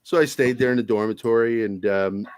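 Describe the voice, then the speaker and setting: An older man from Virginia with no regional accent, a podcast guest telling profane, animated stories in casual chat. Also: medium pitch, a little fast, dry recording, studio quality. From Virginia, USA. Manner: profane, animated storytelling with put-on voices.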